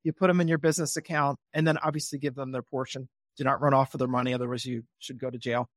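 A man being interviewed on a podcast about real estate investing, talking in an animated way and acting out his phone calls in a cheerful voice. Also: medium pitch, quick pace, dry recording, studio quality.

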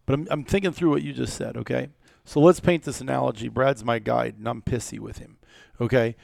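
A man hosting a casual podcast, telling a story in a blunt, profane, animated way. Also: medium pitch, a little fast, vocal fry, no room sound, studio quality. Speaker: podcast host.

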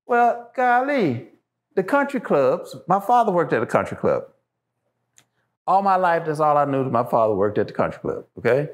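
A man's voice: a little high, sing-song, moderate pace. A man, a show guest, talking passionately and emphatically, repeating phrases to drive his points home. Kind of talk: impassioned casual talk.

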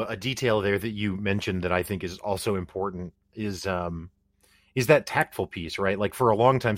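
A man hosts a podcast and talks in a reflective way, thinking aloud as he builds his point. His voice sits fairly low, and the sound is dry and close. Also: fairly bright tone, no room sound. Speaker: podcast host. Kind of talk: conversational interview.

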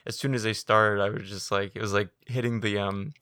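A man's voice: lowish voice, fairly even intonation, fairly quick, sharp tone, smooth, no room sound, clean studio sound. A man from the United States co-hosting a podcast, rambling in casual chat with a self-mocking manner and many fillers. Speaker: podcast co-host.

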